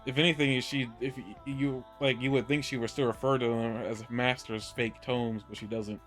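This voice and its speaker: A man's voice: medium pitch, steady tone, normal speed, a bit bright, soft background music. Rambling man chatting about anime. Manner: rambling, many restarts, laughs easily. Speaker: podcast co-host. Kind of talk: casual anime review chat.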